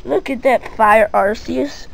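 Woman for an unboxing vlog: unhurried, a touch high, thinks aloud, bursts into excited squeals. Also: gravelly. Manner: gushing, excitable, breaks into squeals; lists items slowly, thinking aloud. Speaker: card opening vlogger. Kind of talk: casual unboxing narration.

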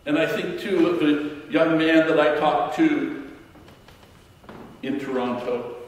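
Male minister, unhurried reflective sermon delivery, long church reverb, faint room hum. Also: mid-range voice. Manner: slow, reflective preaching with pauses. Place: church sanctuary. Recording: echoey church hall from far off.

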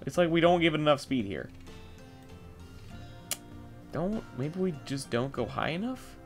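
A young man giving casual gameplay commentary, thinking aloud, getting excitable and swearing as he works. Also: on the high side, unhurried, pauses often, faint music behind. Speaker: gameplay video host.

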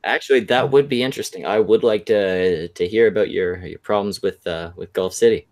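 A man's voice: fairly low pitch, a little fast, a little mellow, no echo. A man hosting a crude, joking online voice chat, with a lot of hesitant restarts.

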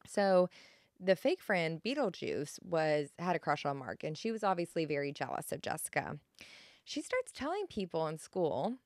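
A woman's voice: fairly low pitch, dry recording, studio quality. A woman co-hosting a podcast, casually retelling a life story with plenty of "like" and quoted lines. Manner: animated retelling with quoted voices. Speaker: podcast co-host.

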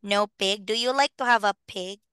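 Woman English teacher for a small child, patient and cheery; slow, bright and crisp, dry sound. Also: mid-range voice, no room sound. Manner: patient, encouraging, spells letters slowly, laughs often. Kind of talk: phonics lesson with a young child.

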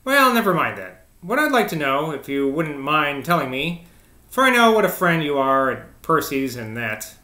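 A man voicing an earnest, awkward young man in a storybook reading, speaking gravely with small stumbles. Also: a little high, very animated, normal speed, pushed and bright, reverberant.

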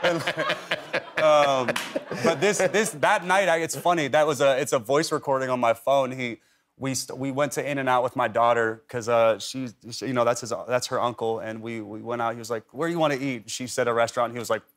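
A man's voice: mid-range voice, steady tone, brisk, a bit bright. Talk show guest, man, 30s, rambling anecdotes, casual TV studio chat. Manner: rambling storyteller, heavy on "like" and restarts.

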